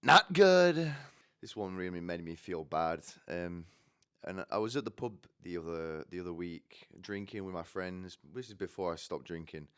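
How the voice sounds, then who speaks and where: A man's voice: deep voice, steady tone, normal speed, clear, resonant tone. A young man telling rambling comic stories in casual, swearing monologue, often acting out the people in his anecdotes. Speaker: podcast host.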